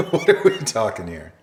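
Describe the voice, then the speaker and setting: Very deep-voiced man, dry and teasing. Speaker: podcast co-host. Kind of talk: casual comedic chat. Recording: noisy with clicks.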